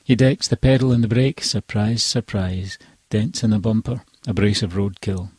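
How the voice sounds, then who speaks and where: A man, a poet, reading his own poems in a measured, deliberate way. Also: fairly low pitch, darkish tone, slightly rough, no echo. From Scotland. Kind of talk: poetry reading.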